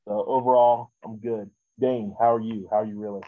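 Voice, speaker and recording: A man's voice: lowish voice, steady tone, fairly quick, no echo, narrow, tinny audio. A man hosting a casual podcast, rambling with many fillers and restarts. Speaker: podcast host.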